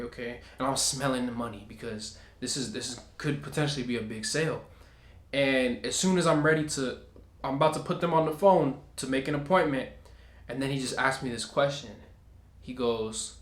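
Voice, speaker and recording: Man telling an animated story, echoey room. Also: mid-range voice, moderate pace. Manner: animated, acts out other people's lines. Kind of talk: casual storytime vlog.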